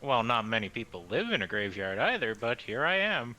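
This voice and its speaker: A man's voice: medium pitch, big pitch swings, pushed and bright, slight background noise, low-quality recording. A man voicing an ageless male graveyard guardian in a put-on Southern drawl, talking as if chewing on something, dry and unbothered. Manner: slow drawl, mouth full as if chewing. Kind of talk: tabletop role-play in character.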